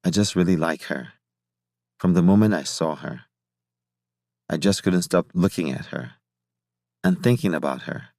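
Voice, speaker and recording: A man voicing a shy, lovesick young male scientist who talks in hesitant, halting bursts. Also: deep voice, mellow, no room sound, clean studio sound. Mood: flustered.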